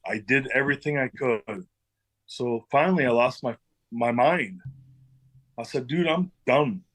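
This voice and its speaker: A man's voice: mid-range voice, a little slow, fairly bright tone, low-quality recording. A middle-aged man, a former pro wrestler, telling stories in a casual interview, swearing freely and acting out what people said. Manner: loose, swearing, acts out quoted dialogue.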